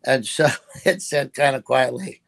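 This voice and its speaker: Gravelly-voiced pastor telling a story. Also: male voice, medium pitch, unhurried, a bit bright. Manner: earnest, retelling with direct quotes and restarts. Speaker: pastor and interview guest. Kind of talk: storytelling in an interview.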